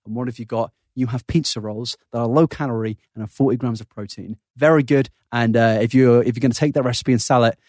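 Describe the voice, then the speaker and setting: A young man co-hosting a podcast, chatting casually in an animated, jokey way. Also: mid-range voice, quick pace, hardly any pauses, no echo, studio quality. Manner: animated, jokey, jumps into mocking voices. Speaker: podcast co-host. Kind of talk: casual banter.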